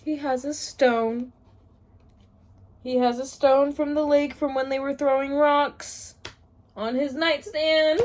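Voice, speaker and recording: A woman's voice: sits high, steady tone, slow pace. A woman talking casually in a reading vlog, reacting dramatically to a book and laughing often. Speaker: book vlogger.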